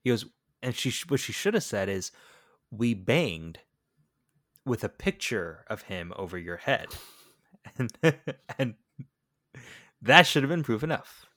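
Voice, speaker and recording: A man co-hosting a casual movie review podcast, jokey, quick to laugh and to get loud when excited. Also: medium pitch, no echo, studio quality. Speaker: podcast co-host.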